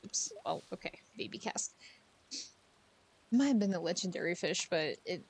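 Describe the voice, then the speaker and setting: A woman's voice: on the low side, animated, normal speed, creaky, background noise. A woman streamer chatting casually over gameplay, giggling and talking to the game's characters from a room at home.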